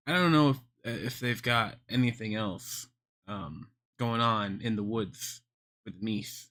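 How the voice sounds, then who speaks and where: A young man livestreaming, rambling through a deadpan absurd bit with plenty of swearing. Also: mid-range voice. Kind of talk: rambling joking stream chat.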